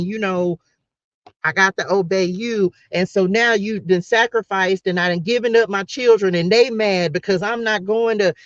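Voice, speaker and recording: A woman's voice: medium pitch, dry recording, lo-fi sound. Emphatic middle-aged woman on a live stream. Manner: emphatic, repetitive, preacher-like, addresses viewers as y'all. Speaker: faith livestreamer. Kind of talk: casual live-stream talk to viewers.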